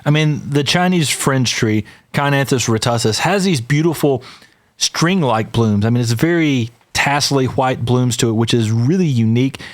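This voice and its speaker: A man's voice: medium pitch, moderate pace. A man co-hosting a podcast, talking casually and with enthusiasm, who says "y'all" to listeners. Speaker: podcast co-host.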